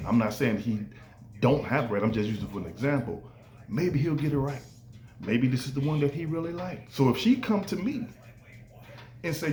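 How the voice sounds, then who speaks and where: Animated man in an echoey room. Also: mid-range voice, normal speed, pauses often. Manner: animated, acts out quoted voices. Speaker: podcast host. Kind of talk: casual podcast monologue. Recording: echoey room with faint ambience.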